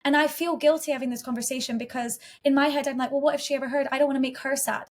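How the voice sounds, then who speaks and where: Woman podcast guest, higher voice, earnest and heartfelt personal storytelling. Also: steady tone, very fast. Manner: earnest, heartfelt, with frequent restarts.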